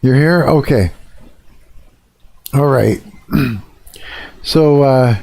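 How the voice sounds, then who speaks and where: A man's voice: medium pitch, slow, pauses often, darkish tone. A man live streaming, ranting and swearing in a casual chat with his viewers.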